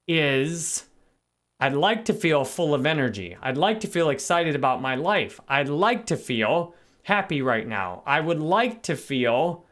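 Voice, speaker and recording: Brief: man in his thirties, live stream host, reflective self-help talk, voice a touch high. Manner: calm, reflective, greets viewers by name between points.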